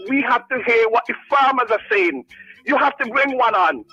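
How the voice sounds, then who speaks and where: A man's voice: very high-pitched, steady tone, moderate pace, pushed and bright, no room sound. A man calling in to a radio talk show, speaking with impassioned, repetitive, preachy fervor over a phone line. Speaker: caller. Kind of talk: passionate call-in radio rant. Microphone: phone call.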